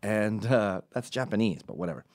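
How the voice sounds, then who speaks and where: A man's voice: fairly low pitch, expressive, normal speed, a little mellow, no room sound, clean studio sound. A man, telling rambling, sardonic stories in a casual comedic monologue. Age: 40s. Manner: rambling, sardonic storytelling with voiced asides. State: recovering from strep throat.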